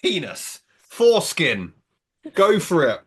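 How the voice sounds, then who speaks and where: A man in his thirties rants and jokes through a casual podcast chat, often dissolving into giggles. His pitch swings wildly between low grumbles and high exclamations. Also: wildly swooping pitch, slow, husky. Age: 30s. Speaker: podcast co-host.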